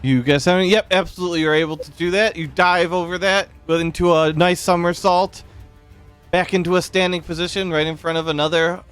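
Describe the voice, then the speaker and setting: A man with a slightly high voice runs a tabletop game as dungeon master, laying out the scene and answering rules questions in an easygoing way. Faint music plays under the stream. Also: steady tone, fairly quick, a bit bright, clear, resonant tone.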